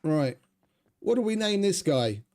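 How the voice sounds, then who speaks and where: A man's voice: sits high, big pitch swings, measured pace, darkish tone. A man giving casual, rambling gameplay commentary as a streamer, chatty and swearing freely. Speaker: gaming streamer.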